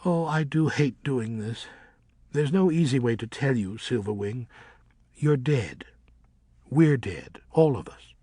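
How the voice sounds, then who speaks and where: A kindly old female fruit bat, as a male narrator puts her on, lifted above his own pitch. She talks slowly and soothingly, with a husky grain. The sound is close and dry. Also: expressive, no room sound. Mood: gentle. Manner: gentle, soothing.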